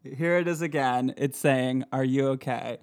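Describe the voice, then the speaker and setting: A man's voice: mid-range voice, normal speed. A man co-hosting a casual podcast chat, playful and laughing often. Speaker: podcast co-host.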